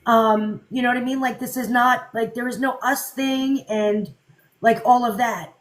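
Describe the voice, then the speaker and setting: A young woman telling a story in a casual, animated way, with lots of fillers and quoted dialogue. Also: a little high, normal speed, poor audio. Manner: chatty, animated, many fillers, repeats quotes. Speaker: social media creator telling a story. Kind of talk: casual storytelling on a live panel.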